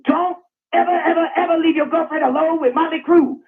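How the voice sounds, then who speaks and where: A man's voice: extremely high pitch, fairly even intonation, fairly quick. A man calling into a radio show with brash mock-announcer comedy bits. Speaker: caller. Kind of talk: comic call-in bit. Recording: tinny phone line.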